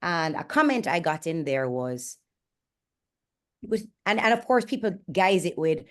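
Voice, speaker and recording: A woman's voice: fairly low pitch, animated, unhurried. A Jamaican woman in her forties hosting a candid motivational talk, frank and earnest and speaking bluntly. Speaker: host and fitness coach.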